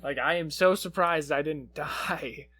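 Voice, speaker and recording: A young man on a casual podcast, winding through a long story and swearing freely as he goes. His voice sits a little higher than most men's. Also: measured pace, bright, forceful tone, a little hiss or hum. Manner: rambling storyteller, swears a lot. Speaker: podcast co-host. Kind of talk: casual chat.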